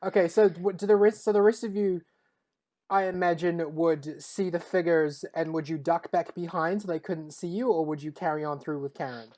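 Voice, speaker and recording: A woman running a tabletop game as game master, relaxed and hesitant, with lots of fillers. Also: fairly low pitch, normal speed.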